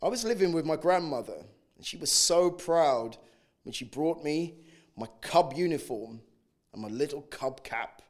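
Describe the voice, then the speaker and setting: An elderly Jamaican man recounts his own memories. His fairly high voice swoops up and down with lots of life as he acts out old chants and quotes. Between them he slips into thoughtful, reflective asides. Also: lively intonation, unhurried. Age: 80s. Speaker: oral history narrator. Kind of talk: personal storytelling testimony.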